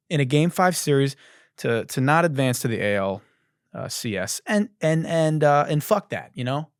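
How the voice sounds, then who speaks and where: A male comedy podcast host whose pitch leaps and swoops as he rants, swearing freely and playing up his outrage. His mid-pitched voice sits close and dry on the mic, with no room sound around it. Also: normal speed, clear, resonant tone, dry recording. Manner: animated, profane ranting. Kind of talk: comedic monologue.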